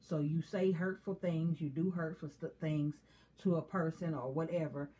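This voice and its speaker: A woman with a slightly low voice co-hosts a relaxed chat. She speaks candidly and confessionally, and laughter keeps breaking through her talk. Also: moderate pace, a little hiss or hum. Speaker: co-host. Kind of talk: casual chat.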